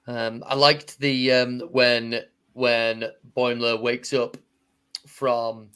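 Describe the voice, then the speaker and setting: A man's voice: mid-range voice, level tone, extremely slow, pushed and bright, smooth. A man co-hosting a podcast in casual chat, hesitant and full of restarts. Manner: hesitant, lots of restarts and fillers. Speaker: podcast co-host.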